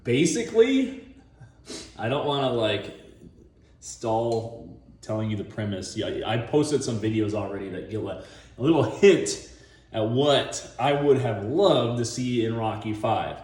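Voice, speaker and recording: A man hosting a casual, rambling monologue. He chuckles often and acts out scenes in voices as he pitches a movie idea. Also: lively intonation, unhurried, darkish tone, roomy sound. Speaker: online video host.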